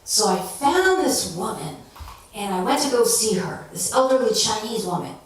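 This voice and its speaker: A woman doing stand-up comedy, telling stories in a crude, animated, self-mocking way. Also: a little high, normal speed. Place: stage in a live venue. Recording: roomy stage sound from far off.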